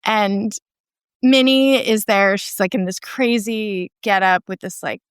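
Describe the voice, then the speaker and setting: A woman's voice: mid-range voice, unhurried, smooth, no room sound, studio quality. A woman filmmaker, a podcast guest, retelling a film plot in casual chat and filling it with "like".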